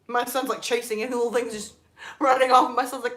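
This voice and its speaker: A young woman chatting on her live stream, telling stories with quick laughs. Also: fairly high pitch, little pitch movement, a bit bright. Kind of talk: casual live stream chat.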